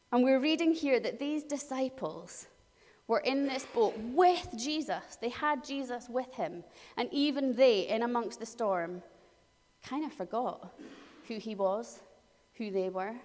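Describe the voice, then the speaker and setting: A woman preaching a sermon, telling the story in a lively way and acting out voices. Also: a little high, in a large hall.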